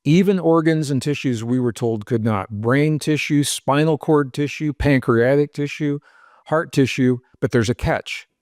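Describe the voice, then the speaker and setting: A man's voice: mid-range voice, a little slow, darkish tone, no echo, studio quality. Earnest man explaining at length. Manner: earnest, explanatory, listing examples. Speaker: author and researcher guest. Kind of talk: podcast interview answers.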